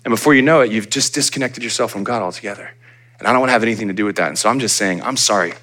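A man preaching a sermon as pastor, conversational and animated, acting out little asides for his congregation. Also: on the low side, racing. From United States.

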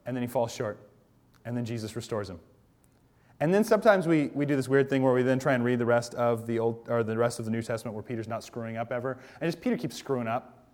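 A pastor delivers a sermon in a slightly higher-pitched male voice. He talks casually and tells the stories with animation, like he is chatting with the congregation. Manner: conversational, animated storytelling.

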